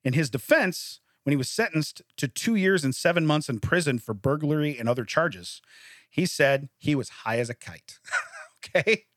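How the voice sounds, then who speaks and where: A man co-hosting a casual chat show, reading odd news stories aloud, laughing often and telling them in a lively way. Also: a little high, normal speed, dry recording, studio quality. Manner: laughs often, animated storytelling. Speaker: podcast co-host.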